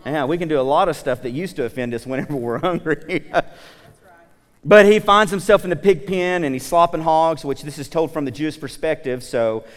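A man preaching a casual, animated sermon, retelling the story with asides to the congregation. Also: on the high side, a little fast, long reverb tail. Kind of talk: conversational sermon.

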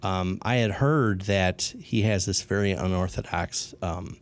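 A man chatting casually about a favorite author, halting and restarting as he searches for words. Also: low-pitched, a little hiss or hum. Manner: hesitant, many fillers and restarts, enthusiastic about books. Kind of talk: casual conversation.

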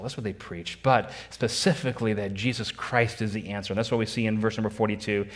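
A man's voice: fairly low pitch, fairly even intonation, moderate pace. A man preaching a sermon as a pastor, emphatic and repeating key phrases, putting questions to his congregation.

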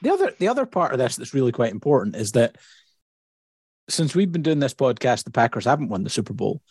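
Male co-host, fast and husky, teasing, lively pitch. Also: dry recording, studio quality. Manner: quick, teasing, stumbles over words. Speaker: podcast co-host. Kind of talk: casual podcast chat.

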